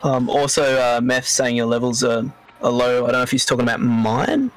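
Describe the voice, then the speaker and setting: A man co-hosting a game stream, excitable and giggly, tripping over his words as he chats. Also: medium pitch, fairly quick, no echo, rough recording. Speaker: co-host. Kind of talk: casual gameplay chat.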